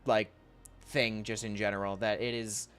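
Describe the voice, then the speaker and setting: Smooth-voiced young man chatting on stream. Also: fairly low pitch, flat delivery, normal speed, fairly bright tone, soft background music. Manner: rambling, chatty, reads chat aloud, often laughs. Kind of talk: casual livestream chat while drawing.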